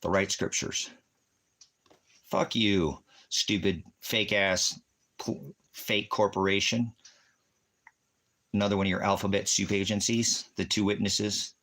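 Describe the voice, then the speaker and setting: Deep voiced guy preaching on a stream, yelling at commenters, swears a lot, real combative. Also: fairly even intonation, a little slow, long pauses. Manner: combative, mocking, profane ranting at chat commenters. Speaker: livestream preacher. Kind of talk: rambling livestream commentary.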